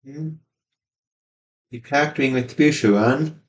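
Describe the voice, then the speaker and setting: A man talks through a video game he is playing in a low-key, unhurried way. His pitch sits in the middle, and the tone stays casual. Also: a little hiss or hum. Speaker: gameplay channel host. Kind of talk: casual gameplay commentary.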